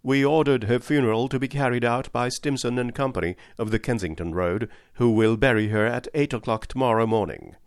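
A man reading aloud and voicing a blustering, mocking middle-aged male villain, pitched above his own voice. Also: brisk, few pauses, dry recording, clean studio sound, close to an everyday voice. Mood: jeering. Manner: sneering and mocking.

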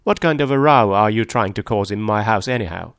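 A man's voice: on the low side, expressive, a little fast, fairly bright tone, smooth, dry recording, clean studio sound. A man reading a story aloud, voicing an arrogant, indignant wealthy husband in a raised, sneering voice. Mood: scornful.

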